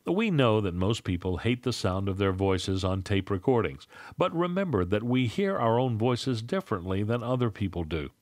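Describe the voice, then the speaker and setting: A man reading a scripted lesson on public speaking in a measured, instructive way. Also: fairly low pitch, no echo, studio quality.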